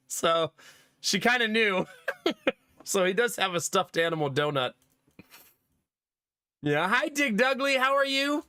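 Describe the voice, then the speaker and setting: Bright, high-voiced man chatting and laughing. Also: slow pace, pauses often, smooth, no echo, clean studio sound. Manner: laughs often, animated retelling of family stories. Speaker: streamer. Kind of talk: casual storytelling to live chat.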